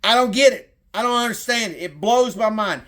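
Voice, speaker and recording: A man's voice: high-pitched, lively intonation, fairly quick, pushed and bright. A middle-aged man with a Southern accent delivering a heated, profane sports rant as a fan content creator.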